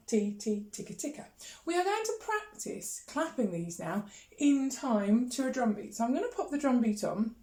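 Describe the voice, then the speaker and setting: A woman's voice: on the high side, dark tone, echoey room. A woman teaching an online music lesson, encouraging and singing rhythms with her class. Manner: encouraging, sings and claps rhythms.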